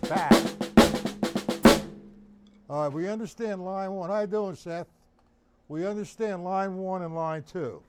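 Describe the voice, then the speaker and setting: A man's voice: high-pitched, moderate pace, clear, resonant tone, soft background music. A man giving a drum lesson on a live stream, counting beats aloud and asking viewers by name whether they follow. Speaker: drum teacher. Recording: loud drumming behind the voice.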